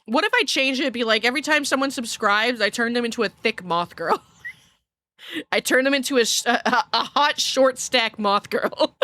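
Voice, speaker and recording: A woman's voice: on the high side, normal speed, bright, forceful tone. A woman from Scotland chatting casually with viewers on a livestream, giggly and rambling, often cutting herself off mid-sentence. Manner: giggly, rambling, self-interrupting. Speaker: virtual streamer.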